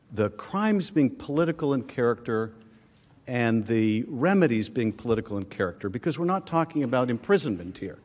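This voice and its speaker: A man's voice: mid-range voice, darkish tone. A man presenting a formal legal argument at a podium microphone in a large chamber, earnest and pressing his points. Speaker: prosecuting manager. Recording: long reverb in large chamber.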